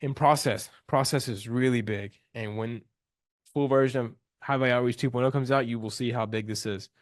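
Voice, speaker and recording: A man's voice: medium pitch, fairly even intonation, fairly quick, no echo, clean studio sound. A young man coaching on a live call, loose and slangy, talking with enthusiasm and restarting his sentences.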